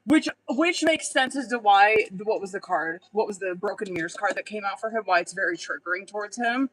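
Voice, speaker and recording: A woman's voice: mid-range voice, expressive, fairly quick, low-quality recording. A young adult woman doing a casual live tarot reading, blunt and chatty, swearing freely and laughing often. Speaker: tarot reader.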